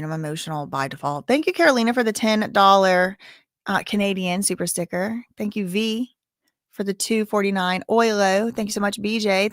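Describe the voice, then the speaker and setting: A woman hosting a casual livestream, thanking viewers and talking in a halting, emotional way full of "like". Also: mid-range voice, no echo, clean studio sound. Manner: chatty, halting, heavy use of "like", openly emotional. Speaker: livestream host reading viewer donations.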